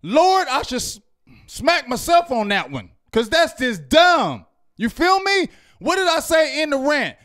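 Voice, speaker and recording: A fan-show host with a strikingly high voice, ranting in a loud, fired-up way. He keeps repeating himself and breaks into yelling. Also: big pitch swings, measured pace. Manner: loud, fired-up, repetitive, yells at times. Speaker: sports reaction show host. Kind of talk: heated fan rant.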